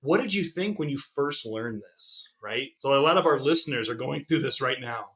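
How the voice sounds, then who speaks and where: A man co-hosting a retirement planning podcast, speaking in a measured way and setting up questions for the guest. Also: medium pitch, animated, a bit bright. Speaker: podcast co-host. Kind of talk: casual podcast chat.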